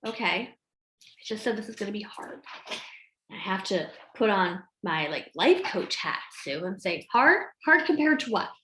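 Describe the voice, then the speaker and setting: A woman coach chatting casually to camera at home, lively and acting out what she and others said. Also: medium pitch, measured pace, slight background noise. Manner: animated, acts out her own quotes. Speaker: health coach. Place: home room with a board behind her. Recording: echoey room.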